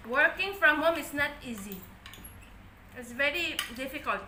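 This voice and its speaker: Bright, high-voiced woman chatting. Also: animated, moderate pace, slight background noise. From Philippines. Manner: chatty, simple plain-spoken phrasing. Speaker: family vlogger. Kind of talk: casual mukbang vlog talk. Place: noisy family home. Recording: echoey room at home. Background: cutlery and dish clatter.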